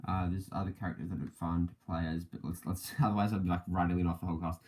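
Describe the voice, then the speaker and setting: A man's voice: low voice, fairly even intonation, fast talker, darkish tone. A man hosting a casual podcast livestream, rambling with many fillers and self-corrections and laughing often between thoughts. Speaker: podcast host.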